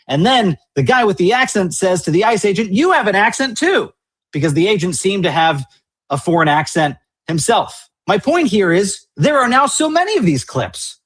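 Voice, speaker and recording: A man's voice: high-pitched, a bit bright, breathy edge. Emphatic man hosting news. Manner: indignant, emphatic, repetitive rhetoric. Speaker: news show host. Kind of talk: political news commentary.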